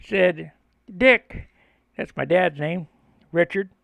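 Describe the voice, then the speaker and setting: An older man with a fairly high voice takes his time, rambling through memories between steps of his model airplane build. The sound is close and dry, with no room around it. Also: slow, clear, resonant tone, no room sound, phone-quality sound. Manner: rambling, chuckling storyteller. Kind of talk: casual storytelling while building.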